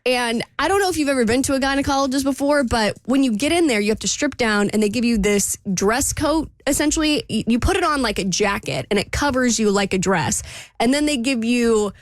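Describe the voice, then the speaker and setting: Radio cohost lady, chatty and animated, kinda high voice, dry close sound. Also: fairly quick, dry recording. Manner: animated, self-deprecating storytelling with laughs. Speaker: radio show co-host. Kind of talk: casual chat, telling a story.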